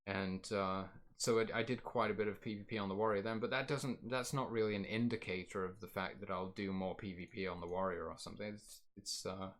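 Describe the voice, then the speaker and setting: A man's voice: lowish voice, steady tone, fairly quick, hardly any pauses, fairly bright tone. A man streaming and chatting casually about his game plans, rambling and correcting himself as he goes, his voice getting a little worn.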